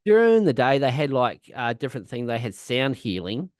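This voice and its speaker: A man's voice: mid-range voice, sing-song, moderate pace, a little mellow, dry recording, clean studio sound. A man co-hosting a podcast, telling a rambling, swear-filled festival story in casual chat. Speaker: podcast co-host.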